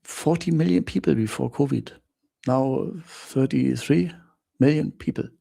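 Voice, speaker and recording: Slow, gravelly-voiced man hosting live chat. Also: mid-range voice, mellow. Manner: chatty, greets viewers by name, laughs often, simple non-native English grammar. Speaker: travel channel host.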